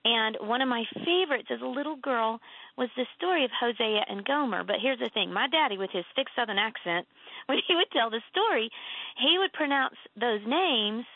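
A woman with a gravelly edge to her voice, speaking earnestly about her faith as an author guest. She tells her stories with animated lifts and plenty of conviction. The sound comes over a tinny, phone-like line and is completely dry, with no room echo. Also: moderate pace. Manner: earnest, animated storytelling with emphatic pitch lifts. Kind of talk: casual faith conversation.

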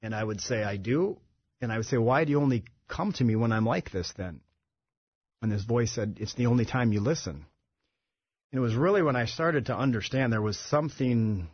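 A man as a radio studio guest, telling his recovery story in a halting way with many restarts. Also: medium pitch, breathy edge, dry recording, muffled recording. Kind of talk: personal recovery testimony.

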